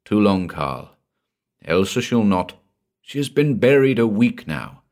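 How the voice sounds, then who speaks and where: A man's voice: fairly low pitch, sing-song, a little slow, a little mellow. A man reading the part of a grieving young man who speaks bitterly and defiantly.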